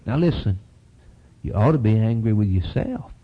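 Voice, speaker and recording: A man preaching an impassioned sermon, with a folksy, repetitive cadence, surging to loud peaks and dropping to low, quiet asides. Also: animated, moderate pace, slightly rough, highs cut off.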